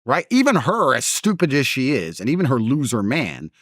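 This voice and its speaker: A man's voice: medium pitch, moderate pace, no room sound, studio quality. A man in a casual conversation, telling stories in a blunt, combative way. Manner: animated storytelling, blunt and combative. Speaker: interview host.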